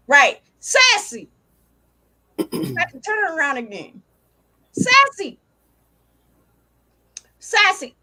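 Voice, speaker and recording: Brief: older woman host, very high and lively voice, brash playful teasing on a video call. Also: drawn-out words, pauses often. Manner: loud playful teasing, swearing, repeats a pet's name. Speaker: live stream host. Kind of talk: casual live stream chat.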